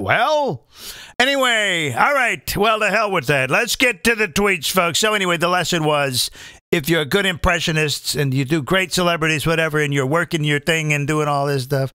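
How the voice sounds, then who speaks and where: A middle-aged man hosting his own show as a comedian and impressionist, talking in a chatty, self-mocking ramble full of quick asides. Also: on the high side, bright, forceful tone, dry recording. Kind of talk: casual rambling monologue.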